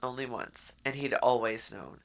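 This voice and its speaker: A woman co-hosting a podcast, retelling a book in casual, animated chat and acting out the characters' quotes. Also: very deep voice, normal speed, vocal fry. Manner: animated storytelling, acts out quotes. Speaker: podcast co-host.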